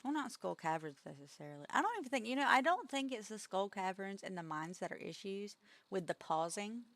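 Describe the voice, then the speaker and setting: A woman's voice: mid-range voice, lively intonation, brisk, fairly bright tone, no echo. A woman co-hosting a game stream from home, telling a rambling story in casual chat and breaking into giggles. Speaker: streamer co-host.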